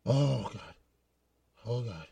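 A man's voice: medium pitch, expressive, slow pace, gravelly, far from the mic. A man who feels sick after vomiting, talking weakly, groaning and apologizing.

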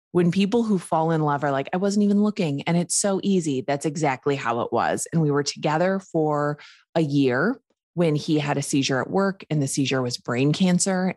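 Wry Minnesotan woman, low voice. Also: a little mellow, dry recording, studio quality. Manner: wry, self-deprecating humor about hard things. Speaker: podcast guest. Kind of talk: candid conversational storytelling. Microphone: remote call.

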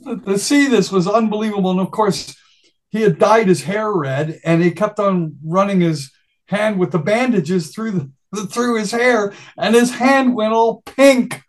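An older man with a fairly high voice tells road stories. He talks casually and animatedly and acts out voices as he goes. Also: a little slow. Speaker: guest musician. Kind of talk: casual storytelling.

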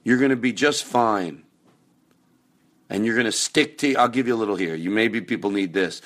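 A man hosting a podcast, rambling casually through plans and announcements, now and then erupting into loud profane rants. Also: fairly low pitch, normal speed. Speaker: podcast host.

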